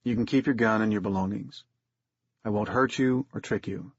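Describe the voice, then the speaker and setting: Guy doing an earnest older survivor, calm and measured, husky voice, dull sound. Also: on the low side, no room sound, lightly acted. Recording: dull, muffled recording.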